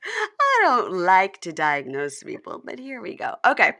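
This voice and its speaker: A woman's voice: mid-range voice, huge pitch swings, a little slow, bright, forceful tone. A woman hosting a podcast, recapping reality TV in gossipy, swearing casual chat. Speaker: podcast host.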